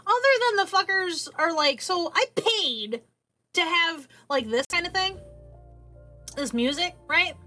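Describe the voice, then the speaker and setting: Lively chatty woman streamer. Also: very high voice, unhurried, soft background music. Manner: rambling, chatty, swears casually. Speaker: livestreamer. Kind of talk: casual late-night stream chat. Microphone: boom arm mic.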